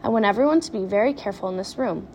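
A woman voicing an eccentric male candy-factory owner who stays calm and cheerfully reassuring in a storybook reading. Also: mid-range voice, rapid-fire, a little hiss or hum, close to an everyday voice. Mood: breezy.

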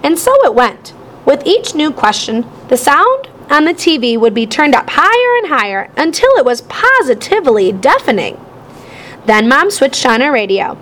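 A woman's voice: high voice, slight background noise. A woman narrating a children's storybook in the first person, reading expressively. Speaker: audiobook narrator.

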